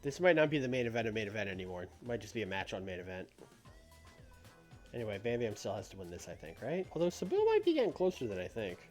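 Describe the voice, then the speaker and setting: A man streaming a wrestling booking game, musing aloud and swinging from soft to loud. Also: on the low side, wildly swooping pitch, quick pace. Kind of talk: thinking aloud while playing a game. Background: faint music.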